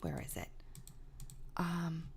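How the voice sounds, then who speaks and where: A woman's voice: low voice, sing-song, slow, creaky, breathy edge. A woman hosting a news commentary livestream, talking emphatically in a ranting way with frequent restarts. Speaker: political commentary host.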